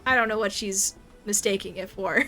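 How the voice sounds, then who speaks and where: Woman streamer, casual commentary, giggly asides, bright tone. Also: medium pitch, normal speed, faint music behind.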